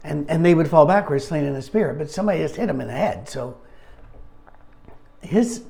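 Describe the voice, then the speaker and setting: A man leading a casual Bible study, talking conversationally with wry asides and frequent throat-clearing. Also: fairly high pitch, lively intonation, a little fast, mellow.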